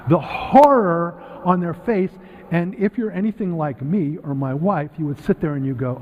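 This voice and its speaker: Guest preacher, middle-aged man, chatty and lively with a long church echo and faint hiss. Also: high voice, moderate pace. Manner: conversational and animated, acting out quoted voices. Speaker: guest speaker. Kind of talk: church talk to a congregation. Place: church sanctuary. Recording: phone-like, thin sound with long hall reverb.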